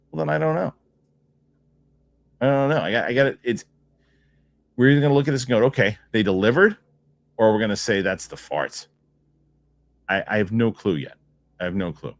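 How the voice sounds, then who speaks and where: The host of a film news live stream chats casually and rambles, repeating himself as he reacts to viewer comments. He has a lowish, gravelly voice, and there is no room sound.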